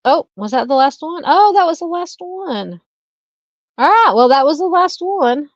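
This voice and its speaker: A woman's voice: high-pitched, expressive, a little slow, dry recording, lo-fi sound. A woman with a Southern US accent hosting a true-crime live stream, chatting casually and reading out viewer comments. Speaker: livestream host.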